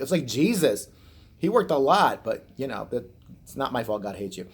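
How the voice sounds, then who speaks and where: A man's voice: mid-range voice, expressive, moderate pace, husky. A man from Chicago ranting casually to camera in a profane, sarcastic, rambling way. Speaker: vlogger. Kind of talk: casual vlog rant.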